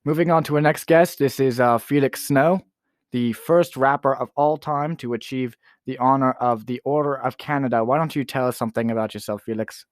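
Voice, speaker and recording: A man's voice: medium pitch, fairly even intonation, fairly quick, no room sound. Guy hosting a goofy talk show skit, chatty, kinda awkward. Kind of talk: comedy talk show sketch.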